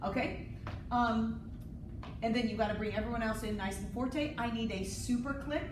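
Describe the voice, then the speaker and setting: A woman's voice: fairly high pitch, fairly even intonation, normal speed. A woman teaching conducting, speaking directly, calling out cues and beats to her student in a rehearsal room. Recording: echoey room, distant mic, noisy.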